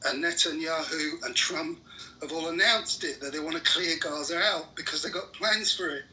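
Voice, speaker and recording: A man's voice: a little high, normal speed, pushed and bright, rough recording. A man in a heated political argument, furious and swearing constantly as he rants. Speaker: debate participant.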